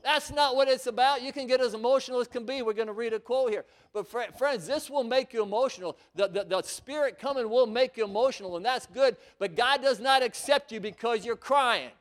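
A man's voice: very high voice, fairly quick, few pauses. A male preacher delivering a sermon, emphatic and repetitive, often calling his listeners friends.

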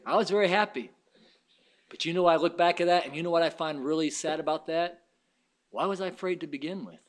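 A man preaching a sermon in a fervent, folksy way, weaving in personal stories. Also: a little high.

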